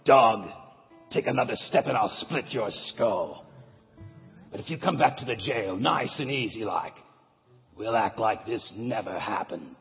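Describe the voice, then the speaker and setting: A narrator voicing a gruff, menacing male prison guard who barks threats from afar, in a story reading. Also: lively intonation, unhurried. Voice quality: gruff, gravelly. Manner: threatening, barking from a distance. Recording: tinny, boomy hall reverb, faint music.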